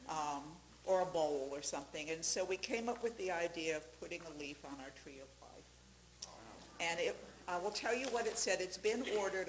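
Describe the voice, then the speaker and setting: Woman presenting a gift in an echoey hall. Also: lowish voice. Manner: warm, joking, halting with fillers. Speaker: congregation co-president. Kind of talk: presentation speech. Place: synagogue sanctuary. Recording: echoey room with faint hum.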